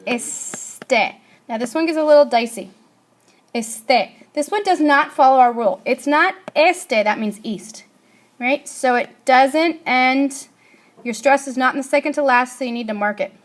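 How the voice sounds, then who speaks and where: A woman's voice: high-pitched, normal speed. A woman teaching a Spanish grammar lesson, asking her class questions and answering them herself.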